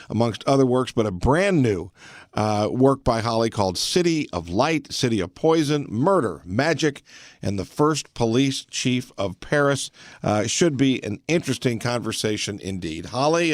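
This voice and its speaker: A man's voice: medium pitch, no room sound, studio quality. Upbeat talk radio host, a man. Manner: upbeat and chatty, with many hesitant "uh"s.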